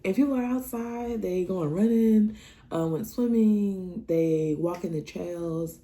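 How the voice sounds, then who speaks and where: A woman from Nebraska telling a casual personal story on her vlog, chatty, laughing as she talks and breaking into lively asides. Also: medium pitch, slow pace. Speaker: vlogger.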